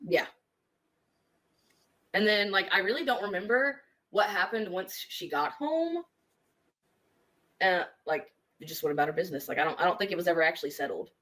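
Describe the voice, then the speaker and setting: A woman guest casually recounting a past relationship, relaxed and full of likes, laughing at herself. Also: lowish voice, moderate pace, pauses often. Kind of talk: casual storytelling.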